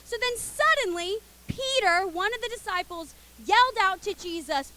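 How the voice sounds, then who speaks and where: A young woman teaching children, telling a Bible story in a playful, expressive way and getting the kids to call out and join in. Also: extremely high pitch, moderate pace, hardly any pauses.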